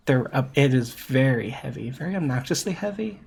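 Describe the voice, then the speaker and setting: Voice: medium pitch, lively intonation, fairly quick, gravelly, few pauses, darkish tone, a little hiss or hum. A VTuber commentator giving an opinionated monologue critique of a game. The speaker stresses points by repeating them and often corrects themselves mid-sentence with filler words.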